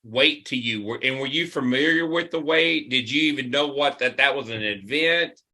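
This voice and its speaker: A man hosting a podcast interview, asking eager, quick follow-up questions. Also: mid-range voice, bright, forceful tone. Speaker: podcast host.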